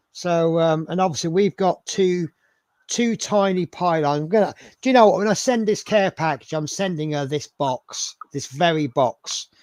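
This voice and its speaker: A man's voice: fairly high pitch, a little mellow, no echo. A man hosting a live model-building stream, chatting in a rambling, self-mocking way. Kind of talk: casual live-stream chat.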